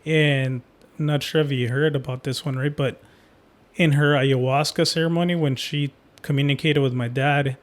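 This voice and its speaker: A young man hosting a podcast, talking in a relaxed, reflective way with lots of fillers. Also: fairly high pitch, moderate pace. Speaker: podcast host. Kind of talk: casual chat.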